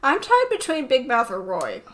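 A young woman co-hosting a podcast, chatting casually and giggling as she recaps a cartoon episode with quick, animated asides. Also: sits high. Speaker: podcast co-host.

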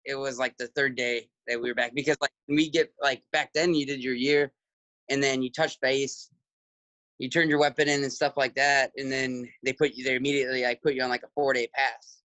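An American man in his thirties, a serving soldier and the guest, tells a drinking story in a laid-back, meandering way. His voice is bright and forward, and it is recorded dry and close. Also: medium pitch, flat delivery, brisk, dry recording. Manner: laid-back, loose, drifting phrasing. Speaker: guest, US Army infantry staff sergeant. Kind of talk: casual storytelling.

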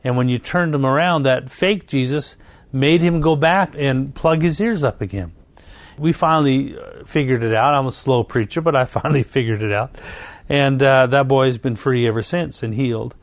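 A man's voice: mid-range voice, moderate pace, no echo. A man preaching a sermon, reading scripture and telling a personal story in an earnest, repetitive way. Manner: earnest storytelling, repeats phrases, occasional self-corrections.

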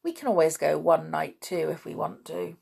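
A woman's voice: low-pitched, expressive, normal speed, creaky, darkish tone, breathy edge, full character voice. A woman reading sensible leader boy Julian. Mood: hushed. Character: steady older schoolboy Julian, sensible leader.

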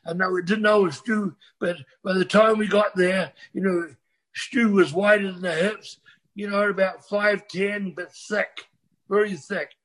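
High-voiced older New man. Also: steady tone, measured pace, a bit bright. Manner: rambling, restarts, swears freely. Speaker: guest storyteller. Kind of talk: casual storytelling chat.

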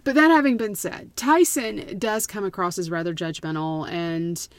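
A woman, co-hosting a casual book chat in an animated, teasing and emphatic way. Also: lowish voice, moderate pace, no room sound. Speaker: podcast co-host and teacher.

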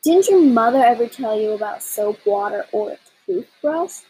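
A woman's voice: a little high, lively intonation, moderate pace, dark tone, a little hiss or hum, natural voice, poor audio. A woman voicing a bossy, brash little female bird who scolds and wisecracks bluntly in a storybook reading. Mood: scolding.

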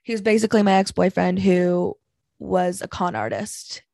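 A woman's voice: on the low side, lively intonation, moderate pace, gravelly, darkish tone, dry recording. A young woman hosting a podcast from home, rambling through stories in an exasperated, heavily profane way. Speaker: podcast host. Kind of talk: casual solo podcast rant. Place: small house at home.

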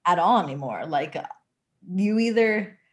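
A woman's voice: lowish voice, a little slow. A woman speaking frankly and with animation in a casual conversation, using "like" a lot. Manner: animated, frank, heavy use of "like".

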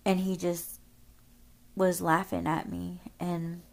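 Slow, gravelly-voiced woman podcaster. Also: on the low side, flat delivery. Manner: rambling, lots of swearing and filler words. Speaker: podcast host. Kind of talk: casual storytelling.

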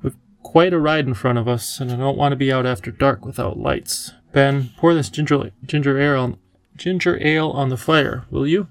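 A wise, playful old professor from a storybook, voiced by a man, gentle and eager to teach. His voice has a gravelly edge and sounds close and dry. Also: mid-range voice, moderate pace, dry recording, natural voice. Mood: kindly.

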